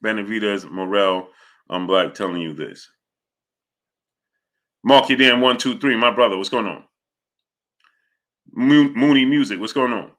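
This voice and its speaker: A man with a lowish voice hosts a live boxing talk stream, reading super chats and breaking off his points for rapid shout-outs to chat viewers. He repeatedly asks, "you understand what I'm saying."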